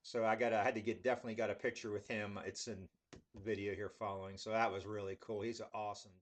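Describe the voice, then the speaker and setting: A man telling casual stories with many fillers, then reviewing a pipe tobacco in a relaxed, rambling way. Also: lowish voice, fast. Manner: laid-back rambling with fillers.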